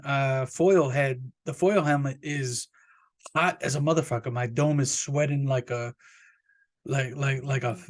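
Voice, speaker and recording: A man hosting a podcast, talking in a rambling, profane, joking monologue that jumps up high when he plays indignant. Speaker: podcast host. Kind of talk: casual comic podcast monologue.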